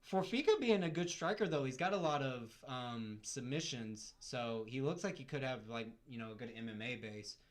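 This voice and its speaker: A man's voice: medium pitch, moderate pace, few pauses, roomy sound. A man hosting a casual live stream, chatting and joking as he talks through the fights and answers his chat from a room at home. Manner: chatty, jokey, reads chat aloud.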